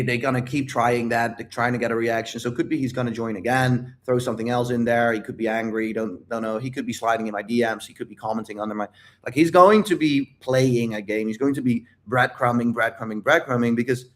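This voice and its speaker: A man coaching viewers on a live Q&A stream. He talks to them directly, hammers his points with repetition and swears freely. His voice sits at an ordinary pitch for a man. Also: fairly even intonation, a little fast. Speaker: dating and life coach. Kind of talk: livestream Q&A talking to chat.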